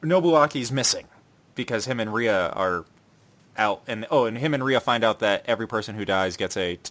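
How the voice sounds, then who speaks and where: Animated young man recapping an anime. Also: lowish voice, normal speed. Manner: animated, acts out characters' lines in shifting voices. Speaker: podcast co-host. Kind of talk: casual podcast chat recapping an anime.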